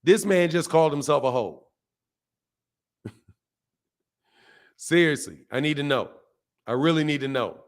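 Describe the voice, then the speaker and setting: An older man from Omaha chats through a boxing livestream in a loose, slangy way, laughing as he answers his viewers. His voice sits a touch high for a man, and he talks casually and off the cuff. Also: animated, a little slow, long pauses. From Omaha, United States.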